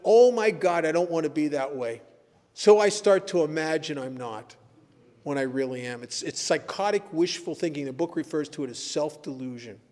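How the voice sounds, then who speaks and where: A man speaking at a recovery meeting, telling stories in an animated way and laughing at his own tales. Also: high voice. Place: meeting hall. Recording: echoey hall recording.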